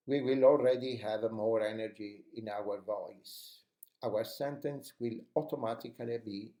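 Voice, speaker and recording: A man's voice: mid-range voice, a little mellow, reverberant. A man teaching how to speak English with energy, giving encouraging advice in an instructional lesson. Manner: encouraging, coaching tone.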